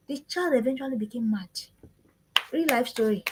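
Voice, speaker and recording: A woman's voice: on the high side, animated, quick pace, noisy background. A woman giving an earnest parenting talk, repeating her questions in a preaching cadence. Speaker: parenting speaker. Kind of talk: live-streamed parenting talk.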